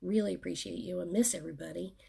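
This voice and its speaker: A woman's voice: fairly low pitch, steady tone, fast talker, gravelly, dark tone, slightly rough. A woman giving an earnest, teary pep talk to her followers in a casual live video chat. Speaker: vlogger.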